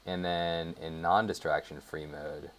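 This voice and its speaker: Low-voiced young dude explaining his code, lots of um and like, typing in the background. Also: little pitch movement, a little slow, slight background noise. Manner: rambling, thinks aloud with many fillers. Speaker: web developer. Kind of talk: casual screencast coding tutorial.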